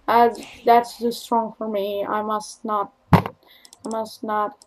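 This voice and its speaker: A woman commentating her own video game match, excitable and profane, trash-talking and bursting into shrieks. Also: mid-range voice, slow pace, noisy background. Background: faint keyboard and mouse clicking.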